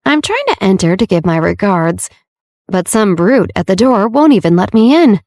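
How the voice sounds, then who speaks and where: A woman's voice: fairly low pitch, wildly swooping pitch, moderate pace, dry recording, studio quality. A woman voicing a sassy, proud young heiress who turns sweet or tart at will, in an audiobook reading. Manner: sweet on the phone, tart and facetious.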